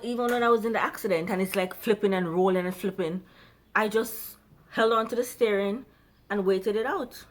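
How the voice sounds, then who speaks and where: A woman vlogger telling a personal story to camera, rambling and jumping around before coming back to her point, animated in some stretches and quiet in others. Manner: rambling, jumps around then comes back; animated, turns quiet and low at emotional parts.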